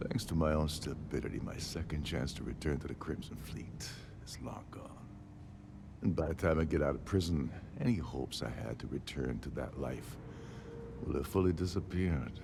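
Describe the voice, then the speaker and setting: A man's voice: a bass voice, creaky, background noise. An actor playing a sardonic older man, a jailed former ship captain, in game dialogue. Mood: wry resigned. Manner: wry, sardonic, measured. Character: older male jailed ex-captain, dry and resigned.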